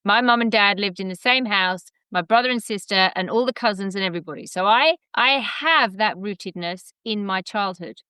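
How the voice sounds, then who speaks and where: A woman's voice: mid-range voice, normal speed, hardly any pauses, bright, forceful tone, clean tone, dry recording. A middle-aged woman with a London accent, a podcast guest who talks in a chatty, reflective way with frequent restarts. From England. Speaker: guest, education center founder. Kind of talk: casual podcast interview.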